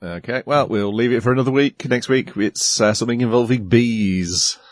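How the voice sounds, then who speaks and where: A man's voice: medium pitch, moderate pace, dry recording. A man hosting a casual podcast about a cartoon series, recapping the plot and steering to the next topic. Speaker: podcast host. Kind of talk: casual anime review chat.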